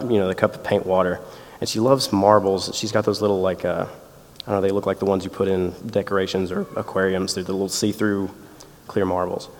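A man in his thirties preaching a sermon in a conversational way, telling family stories and acting out quotes. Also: fairly low pitch. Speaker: pastor. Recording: long reverb in a hall.

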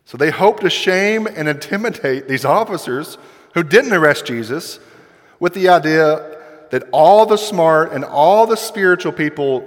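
A man's voice: on the high side, animated, measured pace. A male pastor preaching a sermon in a conversational way, acting out quoted voices as he goes. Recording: long hall reverb.

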